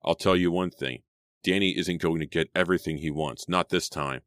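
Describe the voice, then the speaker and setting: Male narrator doing a bitter teen boy, very deep, sullen. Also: fairly even intonation, moderate pace, fairly bright tone, dry recording, clean studio sound. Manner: sullen, resentful. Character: bitter, moody teenage boy.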